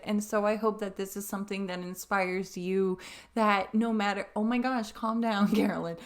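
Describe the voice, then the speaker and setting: A young woman talks through a video as a musical theatre coach, casual and chatty. She gets emotional easily and laughs often. Her voice sits at a middle pitch. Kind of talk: casual reaction commentary.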